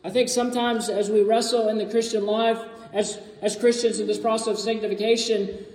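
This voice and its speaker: A man's voice: sits high, flat delivery, brisk, darkish tone. A man preaching a sermon, earnest and emphatic, repeating key phrases, in a church sanctuary. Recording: echoey hall, mic far from speaker.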